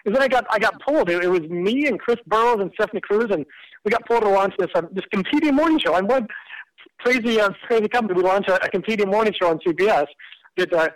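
A man in his forties, a guest on the line, telling old workplace stories in a quick, animated way with laughs. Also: sits high. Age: 40s. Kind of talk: casual storytelling interview. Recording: distant, phone-like audio.

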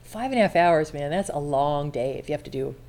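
Woman, forties, TV host guest, lively pitch, storytelling chat. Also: fairly quick. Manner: animated storyteller, acts out quotes. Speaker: guest, longtime TV show host. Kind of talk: casual chat.

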